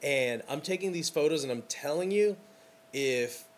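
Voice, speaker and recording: A man's voice: on the high side, lively intonation, normal speed. Rambling enthusiastic man hosting podcast. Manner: rambling and enthusiastic, many fillers. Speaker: podcast host and wedding photographer. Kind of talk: casual podcast monologue.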